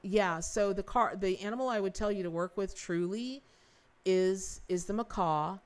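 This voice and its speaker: A woman hosting a live-stream tarot reading, talking in an effusive, rambling way with many restarts and speaking warmly to her viewers. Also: mid-range voice, moderate pace, clear, resonant tone. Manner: folksy and affectionate with viewers. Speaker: tarot reader and livestream host.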